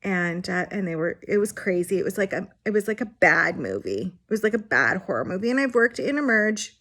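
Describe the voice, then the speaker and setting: A woman's voice: mid-range voice, big pitch swings, fairly quick, fairly bright tone. A woman in her forties telling her own hospital story on a vlog, frank and unfiltered, with the odd swear word and wry laugh. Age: 40s. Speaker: vlogger sharing her illness story. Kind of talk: candid personal storytelling.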